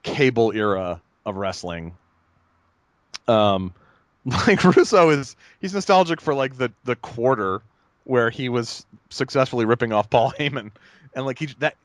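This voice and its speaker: A man co-hosting a casual podcast, talking in a rambling, animated way with many fillers. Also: lowish voice, dry recording. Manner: rambling, animated, lots of fillers and mock voices. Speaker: podcast co-host. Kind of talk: casual chat.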